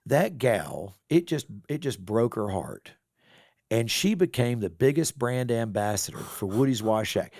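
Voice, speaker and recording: A middle-aged man telling a story in a casual podcast interview, folksy and animated. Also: mid-range voice, a little slow, no room sound, studio quality. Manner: folksy, animated storyteller acting out quoted voices. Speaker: business owner and real estate developer.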